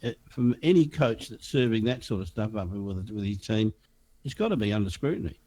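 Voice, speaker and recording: A low-voiced Australian man trades sharp, scornful takes in a casual footy chat and trips over his words as he restarts sentences. The sound is dry and close to the mic. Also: animated, brisk, dry recording. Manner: blunt and scornful, with frequent restarts. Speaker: podcast co-host.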